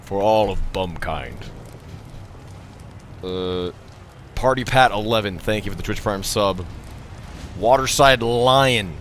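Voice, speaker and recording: A man live-streaming a video game, thanking subscribers, joking, and bursting out loudly at the action. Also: sits low, unhurried, pauses often, slight background noise. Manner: loud sudden outbursts while playing.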